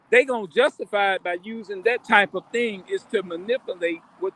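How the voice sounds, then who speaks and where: A man's voice: sits high, measured pace, bright, forceful tone. A man talking in a rambling, preachy way, recording himself in a truck. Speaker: vlogger preaching. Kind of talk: casual religious monologue. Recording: vehicle noise, music in truck.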